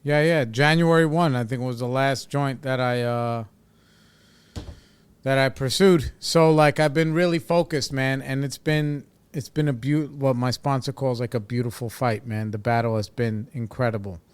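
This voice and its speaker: Laid-back man hosting a podcast, smooth voice. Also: medium pitch, steady tone, moderate pace. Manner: laid-back, rambling, frequent fillers and swearing. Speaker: podcast host. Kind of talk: casual solo podcast talk. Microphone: studio microphone.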